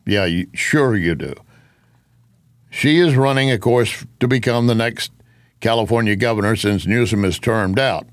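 A man's voice: lowish voice, normal speed, no room sound, studio quality. A man giving an opinionated political commentary monologue, with sarcastic asides.

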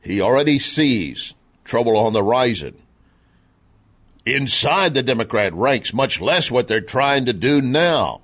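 A man's voice: mid-range voice, animated, a little slow, fairly bright tone. A man hosting a political talk radio show, commenting in an emphatic, conversational way that often repeats points.

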